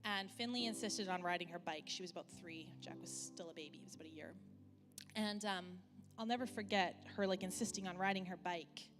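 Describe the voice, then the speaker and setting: A woman, preaching a sermon as a candid, conversational personal story, with many fillers and slower stretches for emphasis. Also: on the low side. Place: church hall. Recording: church hall reverb with music.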